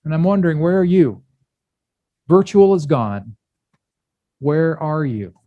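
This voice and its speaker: Guy pastor preaching, candid and halting, dry close sound. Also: fairly high pitch, lively intonation, no echo, dull audio. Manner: candid, halting, with pauses and restarts. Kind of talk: sermon. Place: church.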